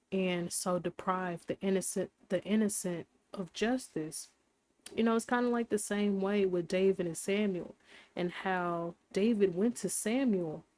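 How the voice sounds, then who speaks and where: A woman hosts a relaxed faith podcast, speaking at an ordinary middle pitch. She rambles as she talks, works things out aloud, and now and then breaks into a giggle. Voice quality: casual, rambling, giggly at times. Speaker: podcast host. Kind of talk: casual faith talk.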